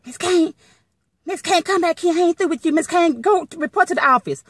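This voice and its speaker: A woman's voice: extremely high pitch, fairly quick, no room sound, studio quality, voice pushed up. A woman voicing a bossy, nagging female work supervisor who gives scolding orders. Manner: commanding, scolding.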